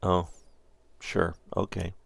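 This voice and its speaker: Male host, deep gravelly voice, loose joking chat while browsing plans. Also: flat delivery, slow, no room sound. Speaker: channel host. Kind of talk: casual chat.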